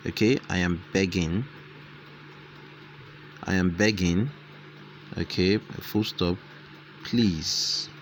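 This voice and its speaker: Slow, deep-voiced man explaining a tutorial. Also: slight background noise. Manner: thinks aloud, repeats phrases, dictates punctuation. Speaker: tutorial host. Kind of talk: casual screen-recorded tutorial.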